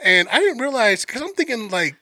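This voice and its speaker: A man casually telling a profane, animated story as a podcast co-host. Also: very high-pitched, fairly quick, no room sound, clean studio sound.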